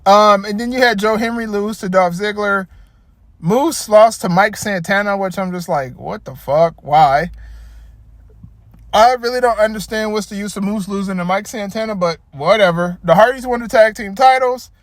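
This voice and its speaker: A man with a high-pitched voice rants about a wrestling show in a loose, rambling way, cursing freely and getting animated. The recording is dry and close, with no room sound. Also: normal speed, no echo. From Detroit area. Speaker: wrestling commentator. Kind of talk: casual rant.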